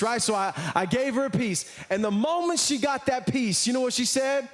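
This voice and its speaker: Preaching to a church congregation, this American pastor speaks a little fast in a high-pitched voice. His storytelling is animated, and he performs the voices of the characters.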